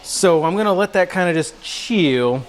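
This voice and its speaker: A man's voice: high-pitched, expressive, moderate pace. A young man hosting a casual cooking livestream, talking while he cooks at the stove, goofy and self-mocking, calling viewers bro and dude.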